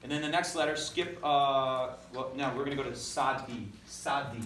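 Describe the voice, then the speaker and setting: A man's voice: medium pitch, moderate pace, a bit bright, slight background noise. A man teaching a classroom lesson, leading call-and-response drills with energy and correcting himself as he goes. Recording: echoey classroom recorded from far off.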